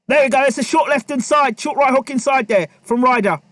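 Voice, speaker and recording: A man calls a boxing match live, firing off punches as they land and urging the fighters on. His voice is very high for a man. The sound is close and dry with no room behind it. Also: brisk, dry recording. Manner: excitable, repetitive, talks to the fighters. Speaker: boxing commentator. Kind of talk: live play-by-play commentary.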